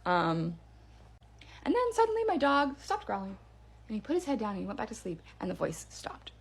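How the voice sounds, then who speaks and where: A woman recounting a creepy encounter in a chatty, unscripted way. She talks with plenty of ums and likes, and her voice swings up high when she acts out what she heard. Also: moderate pace, vocal fry, breathy edge. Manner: animated, spooky retelling with fillers. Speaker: storyteller. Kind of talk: casual first-person ghost story.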